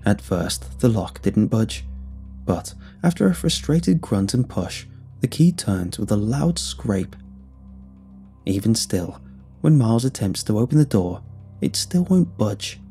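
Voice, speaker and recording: Male horror narrator, husky low voice, very expressive melody, measured delivery. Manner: measured, deliberate storytelling. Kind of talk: scripted horror story narration. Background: faint music.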